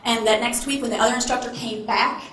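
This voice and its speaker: A woman's voice: on the high side, steady tone, quick pace, fairly bright tone, a little hiss or hum. A woman giving a motivational keynote, telling her story theatrically and tossing playful asides to the audience. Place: large hall with audience. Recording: echoey hall, faint ambience.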